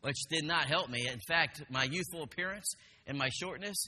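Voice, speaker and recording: Very bright-voiced middle-aged man preaching. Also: on the high side, moderate pace, big-room sound, a little hiss or hum. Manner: animated, self-deprecating storytelling. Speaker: church speaker and military veteran. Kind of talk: personal testimony sermon. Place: church hall.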